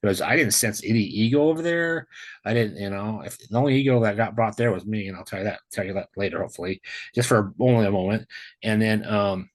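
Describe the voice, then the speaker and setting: A man sharing a near-death experience in casual storytelling on a video call, excited and rambling, full of restarts and slang. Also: lowish voice, quick pace.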